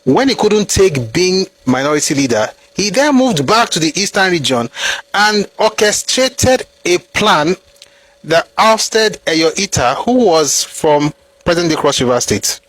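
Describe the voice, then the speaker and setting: A man with a Nigerian accent talks straight to his audience in opinionated commentary. His voice is slightly husky, and he keeps the argument going with rhetorical questions and bits of pidgin. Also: sits high, big pitch swings, measured pace, a bit bright, no echo. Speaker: history commentator.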